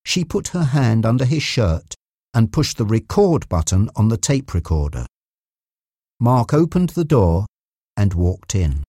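A man narrates a novel chapter in a steady storytelling manner. His delivery is slow, and his pitch moves freely. The recording is dry and close. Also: no echo. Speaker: audiobook narrator. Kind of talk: scripted narration.

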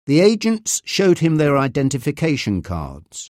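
A man reading a story aloud in a clear, expressive audiobook style. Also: a little high, measured pace, dry recording, clean studio sound. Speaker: narrator.

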